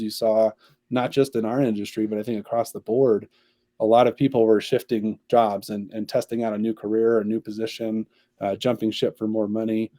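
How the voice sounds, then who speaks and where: Mellow, upbeat man in an interview. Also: fairly low pitch, no room sound. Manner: upbeat, explains at length. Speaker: agency CEO, podcast guest. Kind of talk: conversational interview answers.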